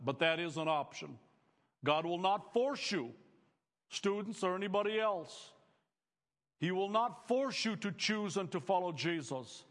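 A man's voice: high-pitched, a bit bright, big-room sound. A male pastor preaching a sermon to students, earnest and emphatic, building phrases up as he speaks.

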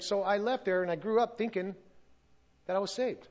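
A man's voice: sits high, normal speed, muffled recording. A middle-aged man giving a personal testimony at a church service, earnest and emotional, sometimes losing his place.

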